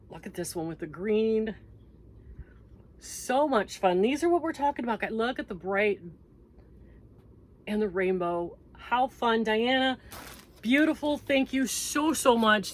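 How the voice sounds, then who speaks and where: A Canadian-born woman hosting a crochet vlog, chatting in a gushing, upbeat way as she opens packages. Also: mid-range voice. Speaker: crochet channel host. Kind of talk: casual vlog chat.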